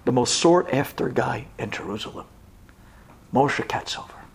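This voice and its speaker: A man, a rabbi, telling a story with dramatic delivery, acting out the characters' voices and swinging from loud, high outbursts to hushed whispers. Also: expressive, normal speed, creaky, husky.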